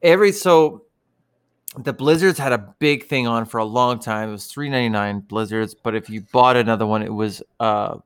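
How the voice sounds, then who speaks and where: A man's voice: mid-range voice, normal speed, smooth. A man in casual chat over a video call, swearing freely and telling rambling stories. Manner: profane, rambling storyteller.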